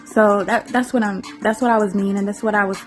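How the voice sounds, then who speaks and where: A woman's voice: mid-range voice, fairly even intonation, brisk, faint music behind. A woman vlogger giving an emotional, rambling spoken-word monologue, laughing often and repeating her phrases.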